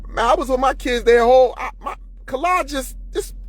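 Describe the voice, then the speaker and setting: A man's voice: very high voice, normal speed. A man in an unscripted monologue to camera, profane and preachy, often heated. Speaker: vlogger.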